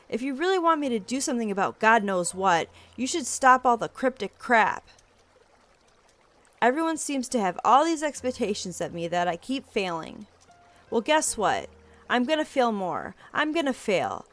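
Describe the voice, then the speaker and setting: Brief: a woman reading as an angry, self-doubting teen assistant, raised voice, game read. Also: fairly high pitch. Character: frustrated seventeen-year-old assistant, self-doubting, quick to anger.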